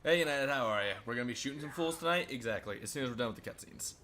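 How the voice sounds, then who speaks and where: A man streaming a game, talking loosely with his viewers and swearing freely. His voice is bright and forward. A faint hiss sits under it. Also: mid-range voice, animated, rapid-fire. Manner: swearing, laughing, chatty with viewers. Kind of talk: casual game-stream chat. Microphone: headset or desk mic.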